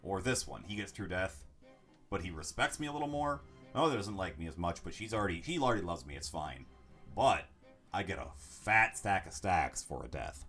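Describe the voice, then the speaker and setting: Very deep-voiced male streamer. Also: faint music behind. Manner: measured reading, lively asides. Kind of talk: reading a story game aloud with live commentary.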